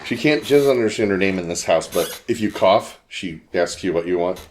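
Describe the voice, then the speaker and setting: A man's voice: low-pitched, lively intonation, brisk, darkish tone, slight background noise. A man co-hosting a casual podcast about an album, joking and laughing often. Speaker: podcast co-host. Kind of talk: casual chat about music.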